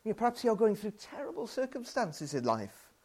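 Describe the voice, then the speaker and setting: British guy preaching, kinda high voice, chatty, acts out his own rants. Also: brisk, slightly rough. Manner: expressive, acts out his own frustrated outbursts; self-deprecating and conversational with the congregation. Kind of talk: sermon.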